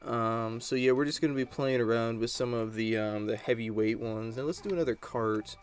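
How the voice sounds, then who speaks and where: A man's voice: mid-range voice, normal speed, clear, resonant tone, faint music behind. A man giving casual gameplay commentary, rambling and chatty as he tells stories while he plays. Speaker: gaming channel host.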